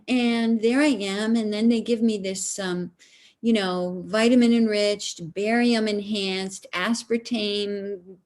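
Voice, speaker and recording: A middle-aged woman telling a comic story in an animated, self-mocking way. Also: mid-range voice. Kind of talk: comic storytelling at a live stream concert.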